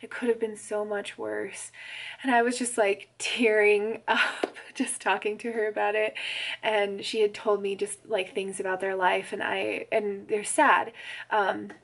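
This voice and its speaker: A young woman telling a story in a casual vlog, chatty and quick to laugh, full of "like" fillers. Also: mid-range voice, flat delivery, a bit bright, a little hiss or hum. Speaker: pregnancy vlogger.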